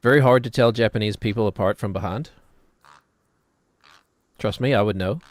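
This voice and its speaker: Low-voiced rambling streamer, New Zealand accent. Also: male voice, normal speed, dry recording. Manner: rambling, joking, self-deprecating. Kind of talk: casual chat while gaming.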